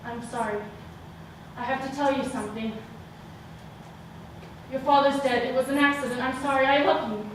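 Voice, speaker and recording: A young woman playing her own mother gently breaking bad news, soft and halting, heard from a distant mic in an echoey hall. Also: sits high, fairly even intonation, a little hiss or hum, natural voice. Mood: apologetic.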